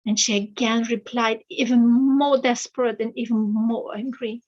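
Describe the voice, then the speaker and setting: A woman telling a fairy tale aloud, slowly and hesitantly, with many fillers. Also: a little high, steady tone, darkish tone, lo-fi sound. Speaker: author and storyteller.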